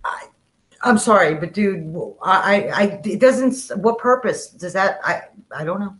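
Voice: medium pitch, measured pace, a bit bright. A co-host on a casual online show, enthusiastic and stammering through restarts.

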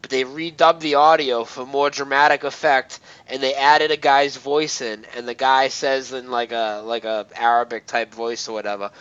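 A man's voice: medium pitch, flat delivery, moderate pace, hardly any pauses, a bit bright, clean tone, no room sound. A man co-hosting an internet radio show in casual talk, who laughs easily and fills his speech with uh and um. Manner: laughs while talking, many fillers and restarts. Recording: dull lo-fi sound.

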